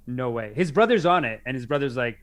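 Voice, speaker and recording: Animated young man chatting on a podcast. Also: medium pitch, quick pace. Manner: animated, excitable, mimics others in quotes. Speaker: podcast co-host. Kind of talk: casual podcast chat.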